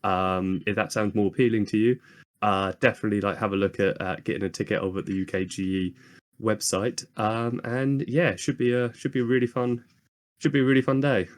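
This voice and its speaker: A man co-hosting a podcast, talking casually with many pauses and fillers. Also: lowish voice, fairly even intonation. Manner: hesitant, lots of ums and likes. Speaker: podcast co-host. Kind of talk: casual chat.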